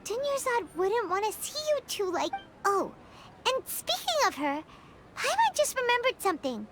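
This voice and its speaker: A woman's voice: extremely high pitch, very animated, moderate pace, background noise. A woman voicing a tiny, chatty floating companion sprite in a video game, who talks about herself by name. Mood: thoughtful. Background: game music.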